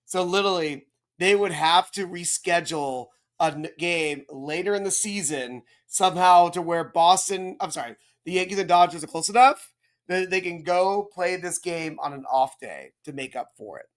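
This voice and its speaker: A man's voice: high-pitched, moderate pace. Rambling man explaining baseball rules. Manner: rambling, self-correcting, checks in with listeners. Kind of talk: casual explanatory chat.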